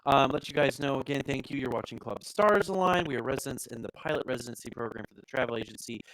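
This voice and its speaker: Young male co-host, playful and self-mocking, mid pitch, dry close mic. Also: quick pace, fairly bright tone, dry recording, rough recording. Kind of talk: casual live-stream chat.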